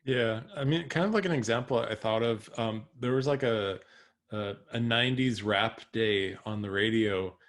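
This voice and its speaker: Male podcast guest, lower pitch, hesitant and halting. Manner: hesitant, many fillers and restarts, trails off. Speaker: podcast co-host, comedian. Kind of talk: casual podcast chat.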